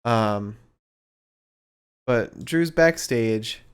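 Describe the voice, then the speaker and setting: A podcast co-host talking through a wrestling show in casual chat, opinionated and pausing to restart sentences. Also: mid-range voice, lively intonation, smooth.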